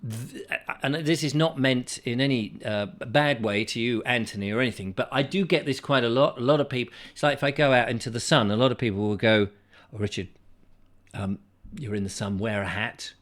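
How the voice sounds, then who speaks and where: Man, middle-aged, chatty, rambling, casual talk, mid pitch. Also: brisk, hardly any pauses, a bit bright. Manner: chatty, rambling, reads viewer comments aloud. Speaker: host. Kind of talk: casual chat.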